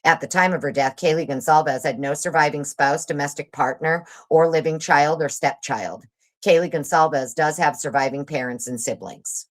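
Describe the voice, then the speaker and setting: Woman livestream host with a low voice, fast reader, sarcastic and swearing. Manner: sarcastic and profane. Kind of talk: casual livestream chat and reading aloud.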